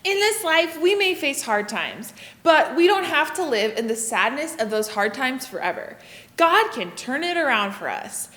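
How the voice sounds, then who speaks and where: A woman children's pastor with a high, bright voice that rises and falls with energy, coaxing the kids along at an unhurried pace. She is heard in a big echoey hall with long reverb. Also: big pitch swings. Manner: slow, encouraging, calls out to the kids. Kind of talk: leading a kids' church lesson.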